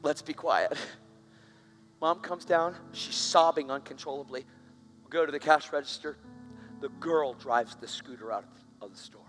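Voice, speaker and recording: A man's voice: fairly high pitch, a bit bright. A man preaching, telling a story with strong feeling and rising into fervent prayer. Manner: emotional, builds to fervent prayer. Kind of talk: storytelling sermon.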